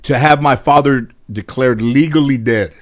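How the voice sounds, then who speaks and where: Middle-aged man from Los Angeles, guest storyteller; animated, profane, laughs at his own jokes. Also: medium pitch, moderate pace. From Los Angeles area. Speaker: guest comedian. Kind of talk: casual storytelling in interview.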